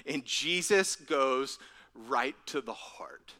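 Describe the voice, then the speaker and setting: Bright-voiced man preaching earnestly. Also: medium pitch, lively intonation, slow pace. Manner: drops to a near whisper for emphasis; repeats words and restarts phrases. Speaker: pastor. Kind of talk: sermon.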